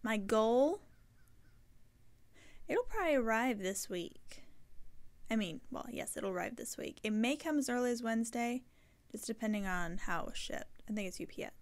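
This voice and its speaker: Talking to camera on her knitting podcast, a woman chats and rambles, frequently fixing her sentences partway through. Her voice is slightly high with lively intonation, and she speaks at a moderate pace with frequent pauses.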